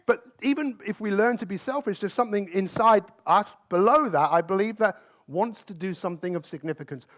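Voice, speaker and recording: High-voiced man working a live crowd. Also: fairly quick. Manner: lively, keeps asking the crowd questions. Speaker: motivational speaker. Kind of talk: live talk to an audience. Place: conference stage.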